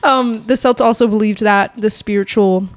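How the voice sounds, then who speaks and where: A woman's voice: mid-range voice, fairly even intonation, normal speed. A young woman co-hosting a casual podcast, rambling and stumbling as she reads notes aloud. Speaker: podcast co-host. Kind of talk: casual chat.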